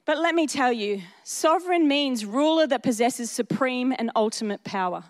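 A woman preaches with a somewhat high voice, earnest and emphatic. She talks to her congregation conversationally and stacks repeated phrases for emphasis. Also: expressive, normal speed. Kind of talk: sermon.

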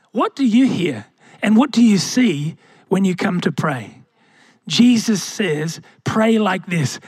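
A young man preaches to his congregation, his voice sitting high for a man. He takes his time, leaning on rhetorical questions and calling the church to answer back. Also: very animated, measured pace, breathy edge, no room sound, clean studio sound. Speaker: pastor. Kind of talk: sermon.

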